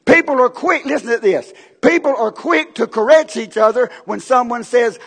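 High gravelly preacher in an echoing church. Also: male voice, brisk. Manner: impassioned preaching, rising to shouts. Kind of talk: sermon. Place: church sanctuary. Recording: long echoing hall reverb.

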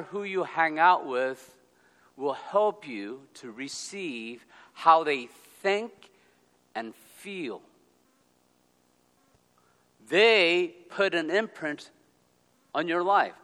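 A man giving a personal storytelling talk, speaking in deliberate, drawn-out phrases with pauses and checking in with "okay?". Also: a little high, bright, forceful tone. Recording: long hall reverb.

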